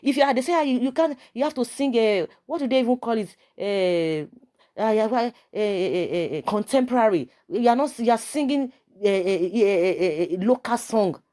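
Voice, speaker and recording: A woman's voice: medium pitch, animated, moderate pace, dark tone. A woman with a Nigerian accent giving passionate, preachy video commentary, full of rhetorical questions and stammered repeats.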